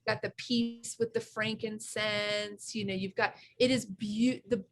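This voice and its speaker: A woman's voice: mid-range voice, steady tone, measured pace. A woman co-hosting a casual chat, effusive and enthusiastic, often restarting her sentences. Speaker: co-host.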